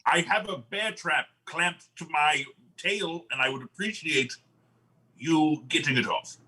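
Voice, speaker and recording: A man's voice: a little high, unhurried, pushed and bright, husky, exaggerated voice, poor audio. A man voicing a pompous male dragonfolk wizard who speaks haughtily. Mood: haughty. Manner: haughty, stumbling over words.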